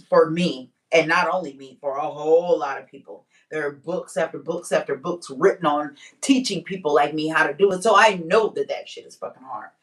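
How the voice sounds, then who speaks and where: A woman vlogging in a casual, candid monologue, emphatic and slangy, slowing down to stress her points. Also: deep voice, far from the mic.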